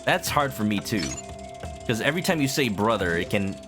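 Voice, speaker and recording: Very animated and a little fast, this man's lowish voice carries his relaxed commentary as he streams a video game. He chats with viewers and explains things during play, with game music running underneath.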